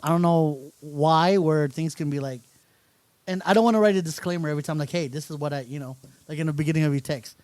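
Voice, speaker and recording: A man's voice: on the high side, quick pace, dry recording. A man co-hosting a casual podcast, telling a story with lots of laughter and quoted lines. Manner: animated storyteller, laughs often, mimics texts. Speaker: podcast co-host. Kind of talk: casual chat.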